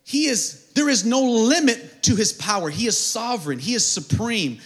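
A man preaching a sermon, calling on the congregation to answer back and building up to shouted, fervent peaks. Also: very high-pitched, lively intonation, moderate pace. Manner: call-and-response preaching, builds to shouted climaxes; acts out prayers in a mumbled comic voice. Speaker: pastor.

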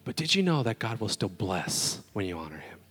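A man preaching a sermon as pastor, animated and conversational, with humorous storytelling. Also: fairly low pitch, brisk, faint music behind.

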